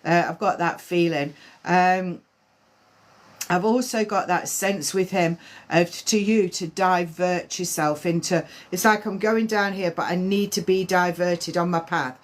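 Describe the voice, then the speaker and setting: Hesitant woman medium, low-pitched. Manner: hesitant, halting, many fillers and restarts. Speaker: medium giving readings. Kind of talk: live-stream spiritual reading. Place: at home on a live stream.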